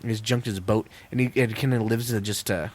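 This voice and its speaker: A man co-hosting a casual podcast chat, rambling and excitable, crude and quick to laugh. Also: on the low side. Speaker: podcast co-host.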